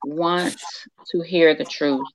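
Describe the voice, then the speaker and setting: A woman's voice: deep voice, steady tone, slow, rough recording. A woman co-hosting a casual panel discussion, speaking firmly and emphatically. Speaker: podcast co-host.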